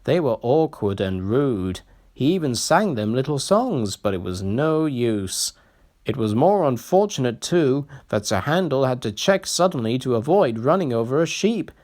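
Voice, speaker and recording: A reader giving a slow, expressive read-aloud of a children's railway storybook. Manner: slow, expressive reading with lively pitch.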